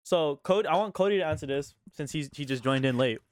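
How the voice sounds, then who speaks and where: A man's voice: on the high side, animated, fast, dry recording, studio quality. A young man co-hosting a casual podcast chat, rambling and filling his talk with "like". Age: young adult. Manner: rambling, heavy use of "like", laughs often. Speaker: podcast co-host.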